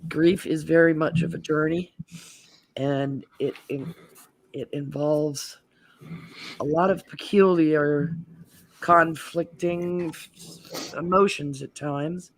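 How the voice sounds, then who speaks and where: A woman from the Southern United States, a guest in a casual group chat, speaking gently and reflectively. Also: low-pitched, fairly even intonation, slow pace, pauses often. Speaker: podcast guest.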